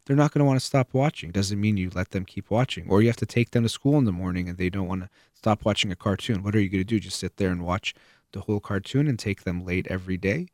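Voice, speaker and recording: A man's voice: on the low side, fast, darkish tone, no room sound, studio quality. A man speaking earnestly about parenting, explaining his points through a personal story and quoted examples of what to say to a child. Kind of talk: conversational advice talk.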